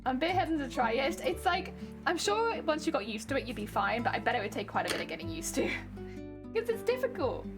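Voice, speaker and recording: A young woman streaming from home while crafting, chatting casually with a hoarse, fading voice and laughing often. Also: high-pitched, sing-song, fast. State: hoarse, losing her voice. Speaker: live streamer. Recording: distant mic with music behind.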